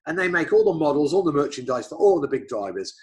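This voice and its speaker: A middle-aged English man, a guest racing driver, telling stories in casual chat, animated and swearing freely. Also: on the high side, fast talker, rough recording.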